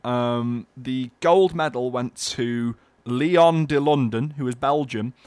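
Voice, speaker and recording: A man co-hosting a comedic radio show, joking in a dry, playful, deadpan way. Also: medium pitch, slow pace, smooth, dry recording. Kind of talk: comedic casual chat.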